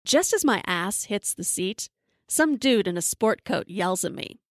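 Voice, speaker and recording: A woman host recounting a comic personal story with a sarcastic, deadpan edge and plenty of swearing. Her voice sits in a middling range and is recorded close and dry, with no room sound. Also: mid-range voice, a little slow, no echo.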